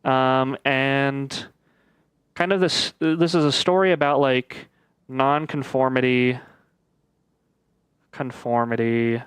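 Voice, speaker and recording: A gaming video creator plays a puzzle game let's-play style, reasoning aloud slowly with many pauses and fillers. His mid-range voice is very smooth, clear, steady, and fairly bright, recorded dry with no room sound.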